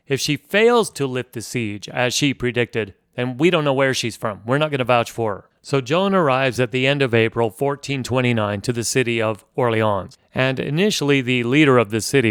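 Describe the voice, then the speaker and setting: A man's voice: mid-range voice, a bit bright, smooth, no room sound, clean studio sound. A man hosting a history podcast, telling the story in a conversational way with wry asides.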